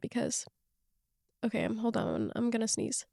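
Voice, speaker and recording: A woman's voice: on the high side, wildly swooping pitch, moderate pace, gravelly, mellow, dry recording, studio quality. A woman of about twenty who is sick, talking in a chatty, rambling way with lots of fillers as she hosts her own podcast from a parked car. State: sick, under the weather. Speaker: podcast host. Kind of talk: casual chat. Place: parked car in a parking lot.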